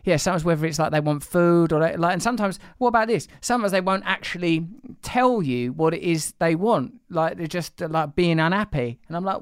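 A host in his forties, musing at length in a casual chat. His voice is smooth and resonant, recorded dry and close. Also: fairly high pitch, brisk, few pauses, no echo. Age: 40s. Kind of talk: casual conversation.

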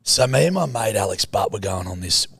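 Gravelly Australian guy spinning a yarn. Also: lowish voice, brisk, no echo, studio quality. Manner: animated, slips into put-on voices. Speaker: podcast host. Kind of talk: casual storytelling chat.

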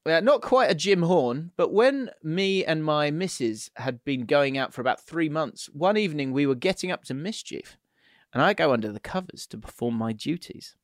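A man's voice: fairly high pitch, animated, moderate pace, no room sound, clean studio sound. A man hosting a casual podcast, chatty and laughing as he reads listener messages aloud. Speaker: podcast host.

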